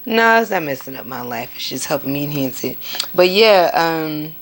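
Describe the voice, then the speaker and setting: A woman hosting her podcast, talking casually and candidly, swearing freely and breaking into sudden high outbursts. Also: expressive, moderate pace, a little hiss or hum. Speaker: podcast host. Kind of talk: casual spiritual monologue.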